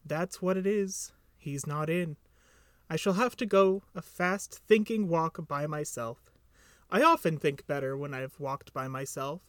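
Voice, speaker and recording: A man voicing a slow, gentle male bear in a storybook reading, soft and musing. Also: fairly high pitch, dry recording, studio quality. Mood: sad.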